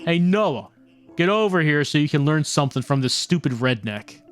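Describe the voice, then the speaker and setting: A streamer voicing a small, energetic, pompous male film director who barks insults and orders, over faint game music. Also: medium pitch, moderate pace, lightly acted. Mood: brash. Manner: brash, insulting, bossy.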